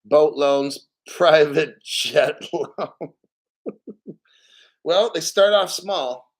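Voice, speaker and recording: A man's voice: on the high side, very slow. A man hosting a casual livestream, reading financial news and chat comments aloud and giving blunt, profane opinions.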